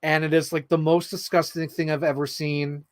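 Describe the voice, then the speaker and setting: A man chatting casually while building an action figure, rambling and excitable, swearing freely and acting out quotes. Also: a little high, moderate pace, dry recording. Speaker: toy unboxing vlogger.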